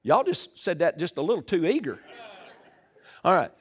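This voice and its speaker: A middle-aged man delivers a lively sermon in a church. His voice sits a little high, and he calls out to the congregation, moving between loud bursts and hushed asides. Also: a little fast, slightly rough. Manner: lively preaching with call-and-response, swinging between loud and hushed. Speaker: pastor. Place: church sanctuary.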